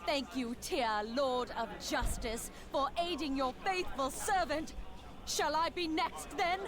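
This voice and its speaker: Bitter grieving paladin woman, high voice. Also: slow, a crowd in the background. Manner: solemn, bitter, questioning. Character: grieving angry female paladin of justice. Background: game music.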